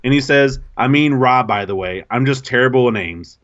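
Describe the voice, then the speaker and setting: A man's voice: medium pitch, moderate pace, a bit bright, highs cut off. Self-mocking man telling a story. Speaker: podcast co-host. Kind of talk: casual storytelling chat.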